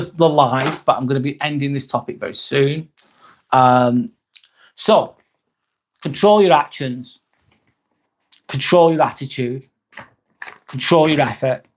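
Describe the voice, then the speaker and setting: A man with an English accent hosts a motivational livestream, speaking in a casual, reflective way that repeats phrases and swears now and then. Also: medium pitch. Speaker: livestream host.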